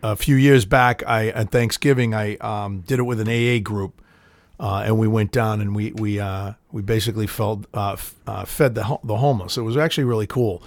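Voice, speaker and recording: A middle-aged man chatting casually as a co-host, telling stories haltingly with lots of fillers and swearing. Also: fairly low pitch, fairly even intonation, dry recording. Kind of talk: casual chat.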